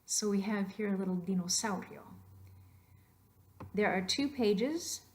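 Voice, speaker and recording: A Spanish teacher with an animated, mid-range voice narrates a slideshow lesson a little slowly. She takes a patient approach, modeling stress by saying example words aloud.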